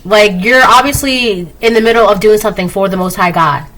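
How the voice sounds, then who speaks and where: A woman's voice: mid-range voice, a bit bright, rough recording. Chatty woman giving a tarot reading. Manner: chatty, acts out quick quoted voices, laughs often. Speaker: tarot reader. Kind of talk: casual spoken tarot reading.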